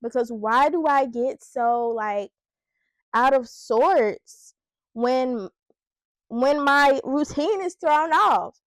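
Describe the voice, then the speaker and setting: A woman's voice: high-pitched, animated, extremely slow, dry recording. A young woman vlogger chatting casually and reflecting on herself, using casual slang and sounding slightly out of breath. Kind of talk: casual chat while styling her hair.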